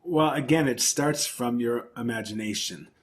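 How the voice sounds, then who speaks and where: A principal oboist and oboe professor, guesting in a conversational interview, explains his craft thoughtfully and repeats points for emphasis. His voice is mid-range and his speed normal.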